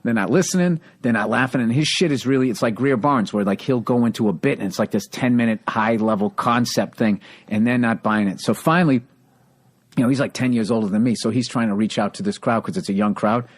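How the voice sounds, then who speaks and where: A man in casual conversation, telling animated, profane stand-up club stories. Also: medium pitch, brisk. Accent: Boston. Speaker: comedian, podcast co-host. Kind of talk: casual chat, storytelling.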